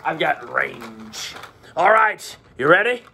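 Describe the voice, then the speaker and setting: Gravelly, hammy male teacher, lively. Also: fairly high pitch, slow pace, a little hiss or hum. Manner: hammy, joking, slips into a gruff pirate voice. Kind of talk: playful lesson for children.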